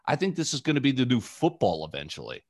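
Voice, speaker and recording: A man's voice: medium pitch, quick pace, no echo, studio quality. A young man hosting a podcast, telling loose, profane stories in casual chat. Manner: loose, profane, animated storytelling. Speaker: podcast host.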